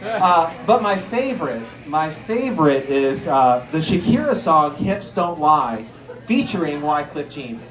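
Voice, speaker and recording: A man doing an animated stand-up comedy set, telling stories with incredulous acted-out bits. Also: a little high. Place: comedy stage before a live audience. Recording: echoey room.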